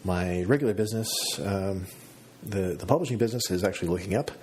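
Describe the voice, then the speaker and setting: A man's voice: low-pitched, fast, darkish tone, slight background noise. A man hosting a podcast, telling a long story in a casual, self-mocking monologue. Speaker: podcast host.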